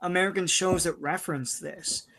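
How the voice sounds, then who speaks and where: A man's voice: sits high, steady tone, normal speed, bright, forceful tone. An easygoing man chatting on a podcast over a call, with noisy people talking around him. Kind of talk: casual chat.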